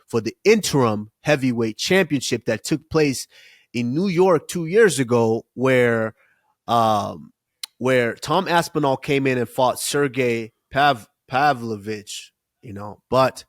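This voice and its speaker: A man co-hosting a fight podcast in casual chat, laid-back and drawn-out, laughing easily as he breaks down matchups. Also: medium pitch, no echo, clean studio sound. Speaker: podcast co-host, fight analyst.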